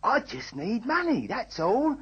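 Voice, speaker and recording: An actor playing a menacing armed robber with a Cockney accent, in a vintage radio drama. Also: male voice, very high-pitched, huge pitch swings, a little slow, husky, heavily acted. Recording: dull lo-fi old radio recording.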